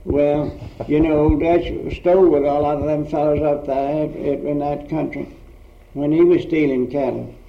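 Older man, gravelly, slightly high voice, rambling and blunt storytelling, roomy dull old recording. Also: steady tone, measured pace. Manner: rambling, blunt, swears freely. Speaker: storyteller recalling old times. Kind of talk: casual oral history storytelling.

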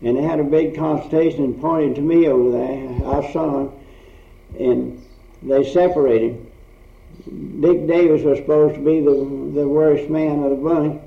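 Captured on a roomy, dull old tape recording, this older storyteller drifts through frank tales of his past, swearing as he goes in easy conversation. His slightly high voice holds steady, unhurried and marked by vocal fry.

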